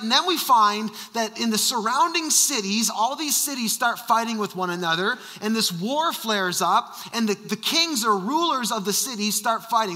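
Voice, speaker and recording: Brief: emphatic male senior pastor, high and sharp-toned, reverberant sanctuary. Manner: emphatic, repeats rhetorical questions. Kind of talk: sermon.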